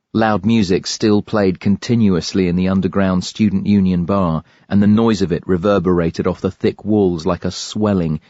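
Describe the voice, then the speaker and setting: A man narrating an audiobook thriller in a measured, grave read. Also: sits low, a little mellow, dry recording, dull audio. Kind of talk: scripted narration.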